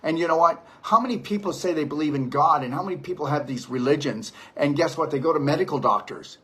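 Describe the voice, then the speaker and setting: A husky-voiced man preaches to the camera about detox and healing. He is emphatic and insistent and keeps returning to the same stock phrases. He is recorded at his home near a beach. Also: fairly high pitch, fairly quick, hardly any pauses, sharp tone. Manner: emphatic and preachy, repeats "the reality is". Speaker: detox practitioner. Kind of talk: impassioned monologue to camera.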